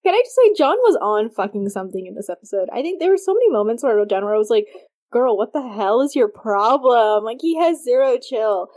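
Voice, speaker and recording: A woman with a fairly high but mellow, dark-toned voice, chatting casually as a podcast co-host. She laughs often and strings her thoughts together with many fillers. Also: very animated, fast, few pauses. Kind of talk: casual fan podcast chat.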